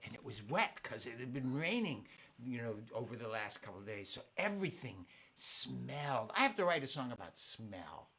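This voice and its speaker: Animated, bright-voiced children's entertainer chatting. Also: male voice, mid-range voice, slightly rough. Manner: playful, storytelling, reads viewer comments aloud. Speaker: children's musician hosting a live family concert. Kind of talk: casual chat with online audience.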